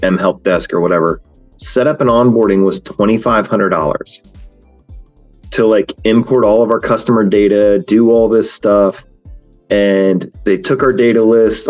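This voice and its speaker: A man's voice: lowish voice, a little mellow, dull audio. A man hosting a podcast in casual chat, talking frankly and rambling with many fillers and restarts. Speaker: podcast host.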